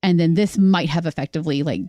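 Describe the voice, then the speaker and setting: A woman in loose, laughing podcast chat, her talk full of "like" and "totally." Her voice sits a little low for a woman. The recording is close and dry. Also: fast, dark tone, dry recording. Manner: chatty, laughs often, says "like" and "totally". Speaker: podcast co-host. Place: RV parked near the sea.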